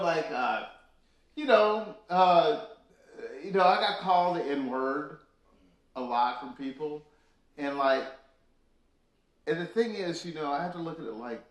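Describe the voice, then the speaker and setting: Animated storytelling man in echoey room. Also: fairly high pitch. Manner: animated storyteller, many fillers. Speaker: guest musician. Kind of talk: casual storytelling interview.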